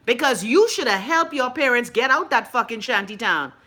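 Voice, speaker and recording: A Bahamian woman hosting a call-in show, ranting bluntly and profanely, swinging between loud outbursts and low mutters. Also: lively intonation, moderate pace. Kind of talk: blunt profane live-stream rant.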